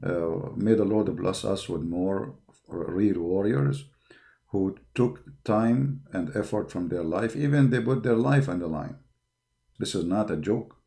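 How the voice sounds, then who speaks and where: A man with a gravelly, creaky voice holds forth in a heated monologue. He circles back on his own words, stacks up fillers, and presses every point with confrontational force. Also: low voice, measured pace, dark tone. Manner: combative, repeats words, frequent fillers. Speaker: online apologetics show host. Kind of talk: impassioned monologue.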